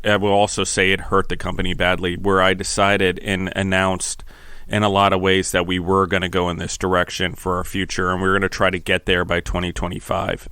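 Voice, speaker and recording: A middle-aged man talks in a very low, smooth voice with a steady, flat delivery. He is earnest and reflective, pausing and restarting his thoughts. The sound is close and dry. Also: no echo. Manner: earnest, halting, restarts phrases, gets emotional. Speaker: podcast host. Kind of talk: reflective interview talk.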